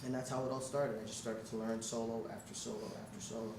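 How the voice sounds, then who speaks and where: A guest musician with a fairly low voice talks fast while telling stories at a live audience Q&A held in a music shop's indoor event space. He's an animated storyteller who scats melodies and acts out what people said. The recording is roomy, distant, and noisy, as in a live room.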